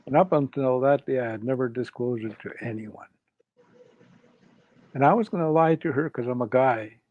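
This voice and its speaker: An older man from Canada, a guest in an interview, slowly and reflectively telling a personal story and retelling what others said. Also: medium pitch, dry recording. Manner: slow, reflective, retells quoted speech. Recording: dull lo-fi dry sound.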